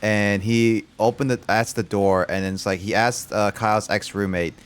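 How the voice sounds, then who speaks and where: A man's voice: lowish voice, fairly even intonation, moderate pace, clear, resonant tone, soft background music. Rambling young male game streamer. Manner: rambling, many fillers and restarts, muttered asides. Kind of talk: casual gameplay commentary and storytelling.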